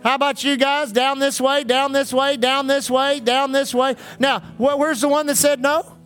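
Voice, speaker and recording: A man's voice: very high-pitched, little pitch movement, moderate pace, fairly bright tone. A man preaching at a charismatic church service, calling out to the congregation. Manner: fervent, calls out to congregation.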